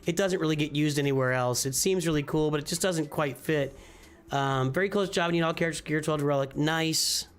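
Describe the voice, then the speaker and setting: Slightly high and a little fast, this man's voice has a clean tone. He's on a live stream going over viewers' game rosters in casual commentary, thinking aloud with repeated phrases and restarts while faint music plays.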